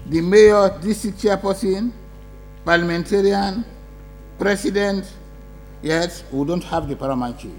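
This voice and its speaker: A man's voice: sits high, unhurried, long pauses, darkish tone, slight background noise. A man presiding as speaker of parliament, firmly ruling on points of order and emphatic when he disagrees. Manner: firm, emphatic, interrupting. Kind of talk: chairing a parliamentary debate. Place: parliament chamber.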